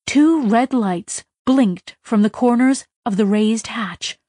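A woman's voice: on the high side, slow pace, dark tone, no echo, studio quality. A woman narrating a story in a tense, dramatic reading style with urgent bursts. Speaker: audiobook narrator.

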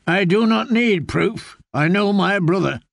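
A man's voice: high-pitched, expressive, measured pace, vocal fry, no room sound, voice pushed up, heavily acted. A man voicing a bitter, accusing young noble heir. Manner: accusing, resentful.

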